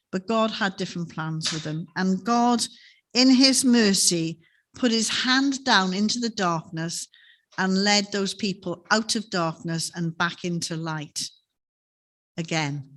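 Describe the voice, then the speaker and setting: A woman's voice: medium pitch, measured pace, a bit bright. A woman giving a sermon in a chapel, telling stories in a conversational way and often ending on tag questions. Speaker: preacher.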